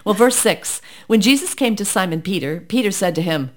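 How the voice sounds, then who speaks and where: Lively woman in casual Bible chat. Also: medium pitch, fairly quick. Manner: animated, reads verses aloud, laughs often. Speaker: co-host.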